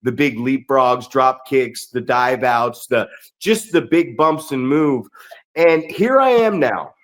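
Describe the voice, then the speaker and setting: A man's voice: mid-range voice, lively intonation, takes it slowly. A middle-aged man, a veteran wrestler hosting a podcast, telling profane stories and asking his guest questions. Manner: profane, storytelling, asks questions. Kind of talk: casual podcast chat.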